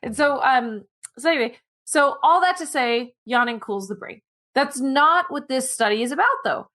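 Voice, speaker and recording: A woman's voice: sits high, expressive, normal speed, a bit bright. A woman co-hosting a casual science podcast, explaining a study in a chatty way with asides, while sleepy and yawning. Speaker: podcast co-host presenting animal news.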